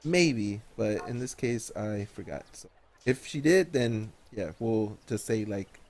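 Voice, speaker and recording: Low-voiced guy game-mastering a tabletop game, rambly and casual. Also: animated, slow pace, a little mellow. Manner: meandering, casual.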